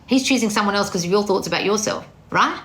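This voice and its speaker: A woman's voice: medium pitch, quick pace, a bit bright. A woman talking as a manifestation coach, blunt, scolding and heavy on swearing. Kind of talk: confrontational coaching monologue.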